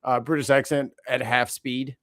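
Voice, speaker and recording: A man chatting casually as a co-host, making drawn-out joking remarks. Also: mid-range voice, flat delivery, fairly bright tone, dry recording, clean studio sound. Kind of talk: casual chat.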